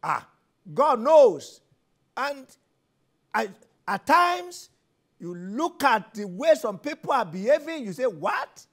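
A man with a Nigerian English accent preaching and leading prayer, fervent and repetitive, building into commanding declarations. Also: very high voice. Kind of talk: sermon and prayer session.

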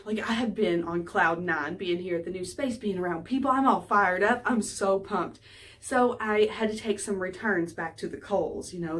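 A woman, a life coach chatting to camera from her small office in a bubbly, animated way. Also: medium pitch, distant mic. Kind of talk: casual talking-to-camera vlog.

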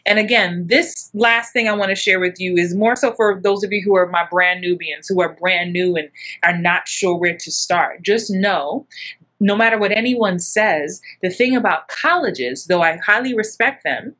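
Animated woman acting coach. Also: moderate pace. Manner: animated, acts out little scenes with big jumps in pitch. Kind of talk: casual coaching talk.

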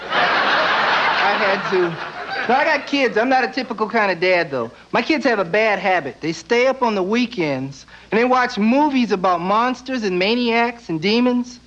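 A young man doing a stand-up comedy routine on a TV stage, with deadpan asides and quick silly voices. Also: high-pitched. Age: young adult. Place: TV studio stage before live audience. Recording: dull VHS broadcast audio with loud audience.

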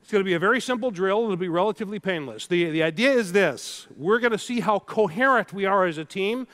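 Middle-aged guy on stage doing a keynote, kinda high voice, animated, tells stories and gets the crowd involved. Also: fast talker. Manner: storytelling, animated, addresses the crowd directly. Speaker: keynote speaker. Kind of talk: keynote speech to a live audience. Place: large hall with live audience.

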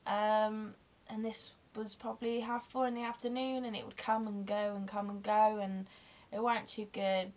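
A woman's voice: medium pitch, little pitch movement, normal speed, a little mellow. A young woman candidly telling a long personal story in a rambling, emotional way. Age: young adult. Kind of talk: casual storytelling vlog.

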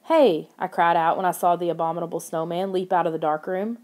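A woman narrating a children's horror audiobook in the first person, steady and expressive. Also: lowish voice, quick pace.

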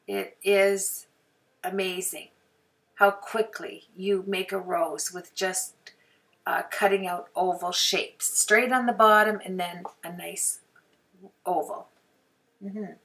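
A woman with a hoarse, sore throat chatting through a crafting tutorial voice-over, often clearing her throat and apologizing. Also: medium pitch, fairly even intonation, slow pace, a bit bright, far from the mic. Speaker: card-making crafter.

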